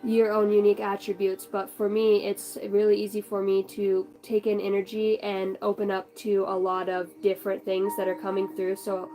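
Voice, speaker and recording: A woman's voice: medium pitch, monotone, moderate pace, few pauses, dark tone, faint music behind, rough recording. A young woman in a rambling, chatty vlog, doing a spiritual card reading and talking casually, with the odd swear word. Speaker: spiritual channel host.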